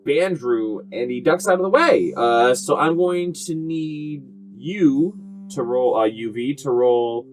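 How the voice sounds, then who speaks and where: A man running a tabletop game as game master, narrating in a rambling, animated way. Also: mid-range voice, slow, soft background music.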